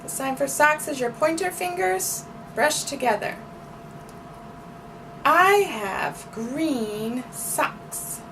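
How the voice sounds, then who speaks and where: Slowly and patiently, a woman with a high, animated voice walks through sign language, repeating phrases while showing each sign. The recording comes from a distant mic, with bluegrass banjo playing in the background along with other noise.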